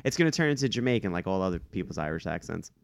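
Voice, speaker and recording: Low, smooth-voiced man in casual chat. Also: very animated, rapid-fire. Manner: storytelling, laughing, quoting people. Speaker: podcast co-host, filmmaker.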